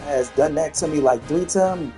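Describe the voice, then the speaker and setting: Male streamer, casual, cursing a lot, fairly high voice, clear game music behind. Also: moderate pace. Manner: profane, excitable, swings from outbursts to muttering. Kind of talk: casual live-stream chat.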